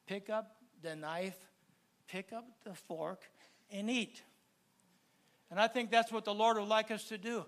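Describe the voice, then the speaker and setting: A man preaching a sermon, talking easily with the congregation and building to loud, fervent preaching with repeated phrases. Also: sits high. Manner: repetitive listing cadence.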